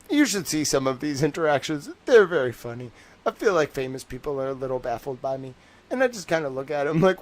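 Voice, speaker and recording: A young streamer speaks a little fast in a fairly high, sing-song voice, rambling casually to his viewers. He leans heavily on "like" and "I don't know," with wry laughter between anecdotes.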